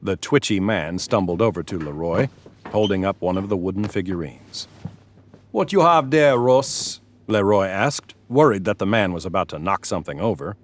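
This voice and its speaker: A man reading scripted narration for a story with expressive delivery. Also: sits low, brisk, a little hiss or hum.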